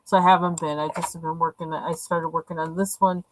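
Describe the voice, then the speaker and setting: This livestream host talks fast in a low voice with little pitch movement, making casual, rambling, hesitant conversation full of fillers as she colors. There's slight background noise and the recording quality is low.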